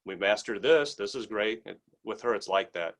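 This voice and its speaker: A man's voice: on the low side, expressive, normal speed, fairly bright tone. A middle-aged man from the United States, an English teacher, talking in a friendly, encouraging way as a guest in a casual interview. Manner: friendly and encouraging, explaining with examples.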